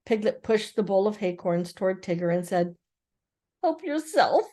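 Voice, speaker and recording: An older woman gently and expressively reading a children's book aloud. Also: on the low side, fairly even intonation, fairly quick. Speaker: storyteller.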